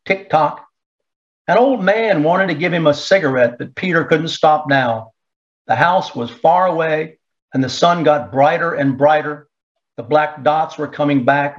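Male story narrator, measured and rhythmic, slightly higher voice, muffled low-fidelity recording. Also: vocal fry. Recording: dull lo-fi recording.

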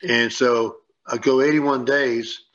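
A man's voice: mid-range voice, fairly even intonation, slow, fairly bright tone. A man on a sports radio show, rambling and repeating himself as he tells a story and acts out what people said. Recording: dull lo-fi sound.

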